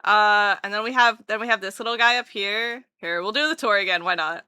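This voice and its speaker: Bright, bubbly young woman streamer. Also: mid-range voice, fairly quick, clean tone, no echo. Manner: bubbly and excitable, voice leaps up when greeting viewers; jokey, self-mocking asides. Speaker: livestreamer. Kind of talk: casual chat with live viewers.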